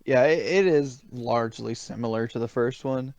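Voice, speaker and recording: Man, gravelly mid-pitched voice, dry close mic, gaming podcast co-host, easygoing. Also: moderate pace, a little mellow, dry recording. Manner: thoughtful, many fillers and restarts. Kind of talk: casual podcast chat.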